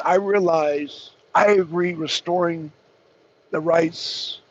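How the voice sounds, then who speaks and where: A hoarse man from the Southern US hosting a casual livestream, chatty, calling viewers y'all and clearing his throat often. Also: sits high. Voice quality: raspy, gravelly. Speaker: talk show host. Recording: dull lo-fi stream audio.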